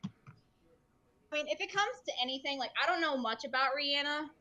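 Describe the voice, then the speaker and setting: A woman talking in a casual podcast chat with a bright, forceful voice set a little high. She sounds earnest and emotional and rambles with plenty of fillers. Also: animated, normal speed. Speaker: podcast guest, streamer.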